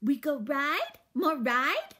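A woman reading aloud voices an excited toddler girl who squeals in short, babyish broken phrases. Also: slow pace, exaggerated voice. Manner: shrill, babyish broken speech.

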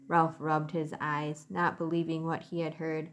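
Woman teacher reading a kids' book to class, lowish voice, chatty asides. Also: fairly even intonation, unhurried, few pauses, fairly bright tone.

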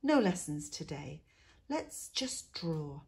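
A soft-spoken, kindly teacher, as a woman reading a storybook puts him on talks slowly and gently and slips Spanish words in among the English. The voice sits low and a little husky, warm and encouraging rather than stern. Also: sing-song, heavily acted. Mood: comforting. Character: gentle grown man, a kind village teacher.

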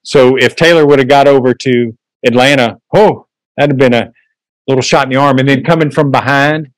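A man's voice: mid-range voice, brisk, no room sound, low-quality recording. A man giving a casual history talk, taking audience questions with lots of fillers. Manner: folksy, conversational, many fillers. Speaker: guest speaker. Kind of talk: history lecture and Q&A. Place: meeting room.

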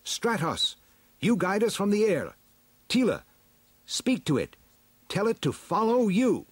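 A man's voice: high voice, sing-song, measured pace, husky, dry recording, pitched above the performer's own voice, heavily acted. A man voicing a heroic, commanding leader, giving orders in a raised voice for a storybook reading.

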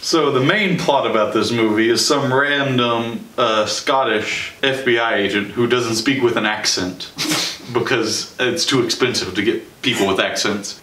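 A young man hosting a casual movie review, chatty and sarcastic, with quick joking asides. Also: medium pitch, bright, forceful tone. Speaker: show host and movie reviewer. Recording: roomy sound from a distance.

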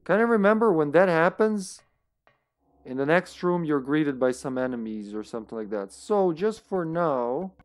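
A man's voice: a little high, lively intonation, normal speed. Man muttering through a game stream. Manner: muttering to himself, trailing off quietly. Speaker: streamer playing a horror game. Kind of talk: casual gameplay commentary.

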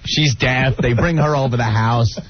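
A man co-hosting a radio show, telling a story with lively, mocking impressions. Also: moderate pace, slight background noise. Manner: animated storytelling, mocking high-voiced impressions. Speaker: radio co-host. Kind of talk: morning radio banter. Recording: dull lo-fi radio broadcast.

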